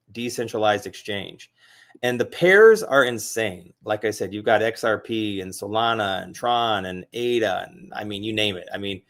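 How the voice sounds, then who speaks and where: Guy hosting a crypto screen share, lowish voice, rambly and hyped, lots of um and i mean. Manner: excitable, rambling, frequent fillers and repeats. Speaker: crypto video host. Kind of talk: casual screen-share commentary.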